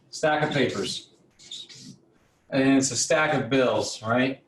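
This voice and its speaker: A man's voice: medium pitch, slow, long pauses, roomy sound, far from the mic, a little hiss or hum, rough recording. A man coaching auto repair shop owners on a live online call. He talks in a fiery, blunt, motivational way with some mild swearing.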